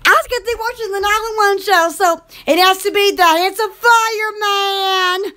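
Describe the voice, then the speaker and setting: A woman hosting a rambling, casual live chat with viewers, gushing with excited exclamations. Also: extremely high pitch, normal speed. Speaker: live-stream host chatting with viewers.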